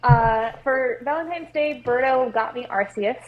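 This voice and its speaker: A woman's voice: on the high side, unhurried, narrow, tinny audio, slight background noise. A woman co-hosting a podcast, chatting casually about games and hesitating through constant filler words. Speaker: podcast co-host.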